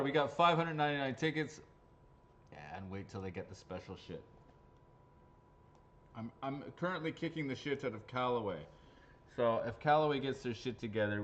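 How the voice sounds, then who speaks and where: A man hosting a live raffle draw, chatting casually, joking crudely and rambling between draws. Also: lowish voice. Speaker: raffle host. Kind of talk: casual live-stream chat. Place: his golf shop or driving range. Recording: slightly dull lo-fi audio.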